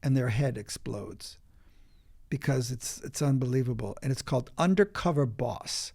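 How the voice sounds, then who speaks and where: A man, an acting coach, speaking as a podcast guest and telling stories in an emphatic, animated way, with quick bursts and restarts. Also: mid-range voice, creaky. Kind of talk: animated interview storytelling.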